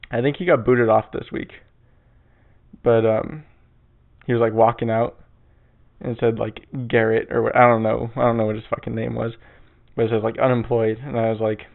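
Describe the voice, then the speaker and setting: A man hosts his own podcast, chatting casually, rambling and swearing with lots of fillers. His voice is medium-pitched and creaky, and the sound is tinny, like a phone.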